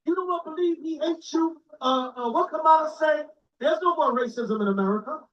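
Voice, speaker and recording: A man's voice: extremely high pitch, fairly quick, fairly bright tone. A man teaching scripture in an informal, blunt and profane way, very emphatic. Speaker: religious teacher. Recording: dull lo-fi sound.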